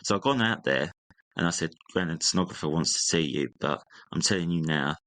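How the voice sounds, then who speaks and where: A man's voice: low-pitched, fairly quick, no echo. A young man casually retelling a family story, acting out what each relative said. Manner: animated retelling, acting out family members' lines. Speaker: guest.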